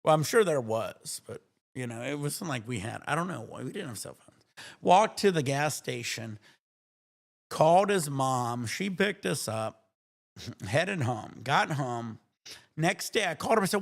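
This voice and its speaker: A man's voice: fairly high pitch, sing-song, normal speed, creaky. A middle-aged man from Ohio, a live streamer telling rambling, profane stories in casual chat, often correcting himself. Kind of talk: casual storytelling.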